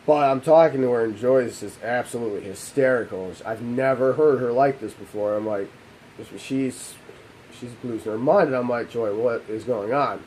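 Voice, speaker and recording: A young adult man, a channel host, telling a painful personal story in a halting, restarting way, his voice often dropping low and quiet as he holds back tears. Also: a little hiss or hum, poor audio. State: emotional, holding back tears.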